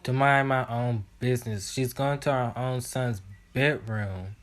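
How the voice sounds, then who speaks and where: A man reacts to a video in casual commentary, talking back at the screen with indignation and frequent fillers. He speaks slowly, with a mid-range pitch. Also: a bit bright.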